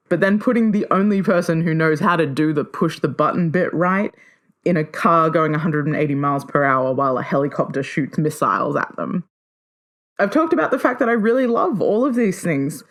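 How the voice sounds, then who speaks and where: Talking alone on her own podcast, this woman is upbeat and playful. Excitement frequently sends her voice leaping higher.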